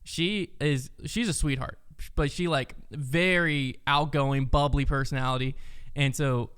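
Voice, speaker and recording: Animated man telling stories, smooth voice. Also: mid-range voice, a little slow. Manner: animated storyteller, acts out kids' voices. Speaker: podcast co-host. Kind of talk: casual chat.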